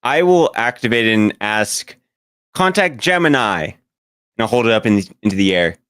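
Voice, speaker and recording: A man playing a tabletop game, talking in a hesitant, halting way. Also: fairly low pitch, lively intonation, fairly bright tone, smooth, no echo, clean studio sound. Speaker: player. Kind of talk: casual tabletop game chat.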